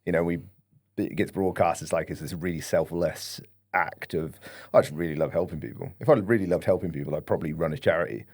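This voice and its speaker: A man's voice: sits low, a little fast, a little mellow, dry recording, clean studio sound. A man in his thirties with a southern English accent, a fitness coach who talks reflectively and laughs easily as a podcast guest. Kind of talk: casual podcast chat.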